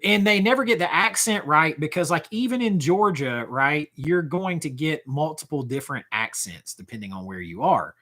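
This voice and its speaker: A man in his forties chatting casually on a livestream, with a bright, forceful tone. His pitch swings all over as he reacts to chat comments. He rambles and restarts his sentences often. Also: expressive, normal speed, hardly any pauses. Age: 40s. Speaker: livestream host.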